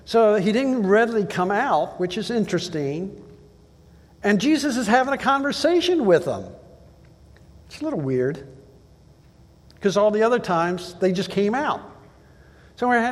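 A man's voice: high-pitched, big pitch swings, moderate pace, pauses often. A man pastor preaching a sermon, telling a story and acting out dialogue before building to emphatic preaching. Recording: long reverb of a large hall.

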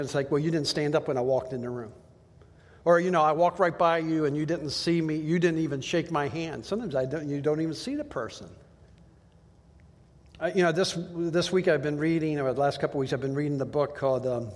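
A man preaching a sermon in a conversational way, acting out the voices he quotes. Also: a little high. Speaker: pastor. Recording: long hall reverb.

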